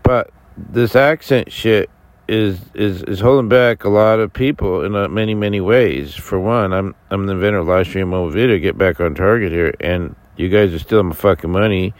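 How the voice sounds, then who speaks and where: American guy ranting on his vlog, really deep voice, lots of uhs and cussing. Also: no echo. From United States. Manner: angry, rambling, profane; halting with many fillers and restarts. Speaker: vlogger. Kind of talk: casual rant to camera.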